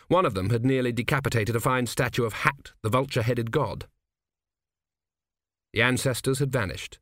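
A man reading an audiobook aloud in a measured, wry storytelling manner. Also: mid-range voice, a bit bright, no room sound, studio quality. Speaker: audiobook narrator. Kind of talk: scripted narration.

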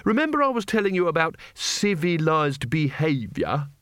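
A man voicing a prim, fussy male schoolteacher who speaks in a precise, deliberate way. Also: fairly high pitch, sing-song, a bit bright, no room sound, studio quality, voice pushed up. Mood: lecturing.

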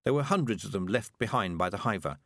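A man reading a storybook aloud as narrator, expressive. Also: on the low side, fast talker, dry recording, studio quality. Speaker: audiobook narrator. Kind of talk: scripted narration.

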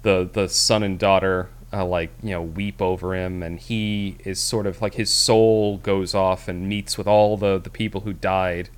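Podcast co-host, male, low-pitched, loose rambling delivery with lots of fillers. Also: flat delivery, measured pace, hardly any pauses, clean tone. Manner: rambling, many fillers and restarts. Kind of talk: casual movie review chat.

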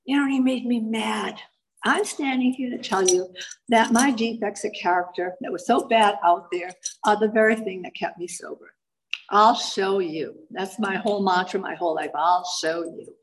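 A woman's voice: mid-range voice, normal speed, slight background noise, poor audio. A woman from Massachusetts giving a personal testimony to a live audience, wry and self-mocking as she tells her story. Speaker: speaker sharing her recovery story.

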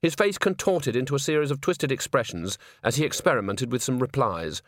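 Expressive male audiobook narrator. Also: medium pitch, fairly quick, no room sound, studio quality.

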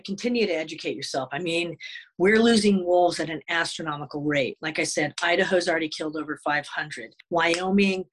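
A man, a wolf advocate guest, telling a story in an interview with many halting restarts. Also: a little high, a bit bright, rough recording.

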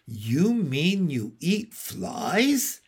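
An innocent, soft-hearted young male pig speaks earnestly and is quick to be shocked, as a man voices him in a storybook. The delivery is slow with a gravelly texture. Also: a little high, huge pitch swings, full character voice. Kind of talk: storybook read-aloud.

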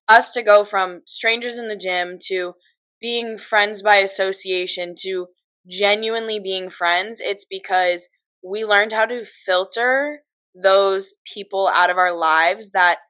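Bright-voiced young woman chatting. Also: lowish voice. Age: 20s. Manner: candid, lots of "like" fillers. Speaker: podcast co-host. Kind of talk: casual chat.

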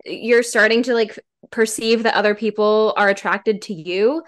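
Woman podcast guest, effusive and animated, casual banter, mid-range voice. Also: mid-range voice, moderate pace. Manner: gushing, animated enthusiasm.

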